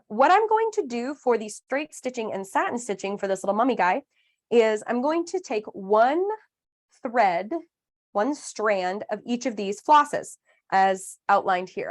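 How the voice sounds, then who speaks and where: A woman in her thirties leads a live online craft lesson in a high, animated, unhurried voice. Chatty and upbeat, she walks through each step at a friendly, conversational pace, adding playful asides.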